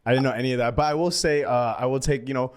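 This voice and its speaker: A man's voice: mid-range voice, rapid-fire, smooth. A man hosting a podcast, chatting casually with a laid-back manner. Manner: relaxed, uses fillers, laid-back. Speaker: podcast host. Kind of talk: casual chat.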